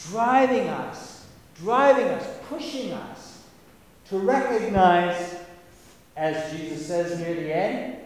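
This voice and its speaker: A man preaching a sermon, swinging between hushed asides and loud, emphatic lines. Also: high voice. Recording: echoey hall, voice from far off.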